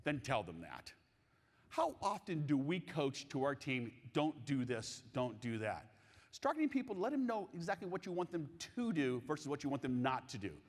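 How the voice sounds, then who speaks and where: A man giving a live conference keynote on coaching, animated and jokey, asking the audience questions. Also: a little high. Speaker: keynote speaker on sales coaching. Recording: long hall reverb.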